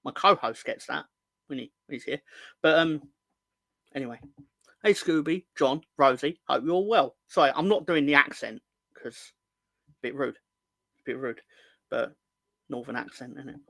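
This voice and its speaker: Medium-pitched and sharp, with vocal fry and frequent pauses, the young male host speaks at a normal speed with no echo. He runs a football fan livestream, joking loosely and poking fun at viewers while going through their comments.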